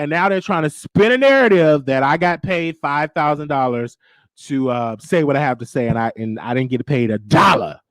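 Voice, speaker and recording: A man with a higher-than-average voice, recorded without echo, hosts and does comedy on a live stream. He talks casually and sassily, calling viewers "baby" and frequently checking in with "okay?"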